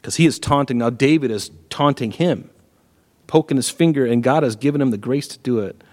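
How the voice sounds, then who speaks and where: Animated male preacher in a reverberant hall. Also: medium pitch, brisk. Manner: animated storytelling, emphatic repetition, chuckles. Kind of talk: sermon, Bible exposition. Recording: echoey hall.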